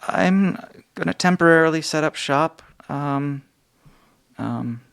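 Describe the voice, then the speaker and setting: Hesitant, struggling woman shopkeeper, man putting her on; stammers, halting. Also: a little high, gravelly, fairly bright tone, clean tone, no echo, voice pushed up, full character voice. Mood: worried.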